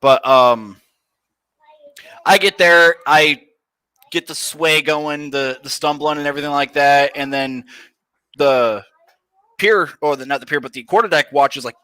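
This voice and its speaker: A man's voice: on the high side, measured pace, pauses often, bright, forceful tone, clear, resonant tone, no echo. A young man, a guest, telling profane stories in loose casual chat. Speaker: podcast guest.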